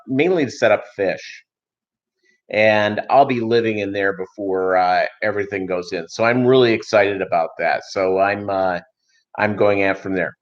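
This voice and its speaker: Rambling joking livestream host, a man. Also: lowish voice. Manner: rambling and joking, many fillers. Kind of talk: casual livestream chat and storytelling. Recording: slightly dull lo-fi stream audio.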